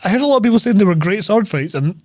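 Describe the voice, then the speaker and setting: A man's voice: high voice, animated, very fast, darkish tone, no echo, studio quality. A man co-hosting a casual film podcast, recapping scenes in a rambling way, swearing often and laughing as he goes. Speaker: podcast co-host.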